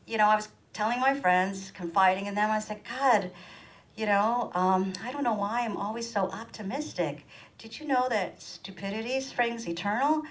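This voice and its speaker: A middle-aged woman performing a stand-up comedy monologue in a small room, animated, and jumping high in pitch when she acts out other people's lines. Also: rough recording. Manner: animated, acts out quoted voices with big pitch jumps.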